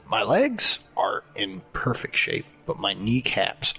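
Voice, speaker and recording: A young man streaming games and chatting casually, excitable and joking, swinging between whiny pleading and low muttering. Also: slow pace, gravelly, slightly rough, faint music behind. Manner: excitable, joking, lots of laughter. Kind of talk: casual gaming stream chat.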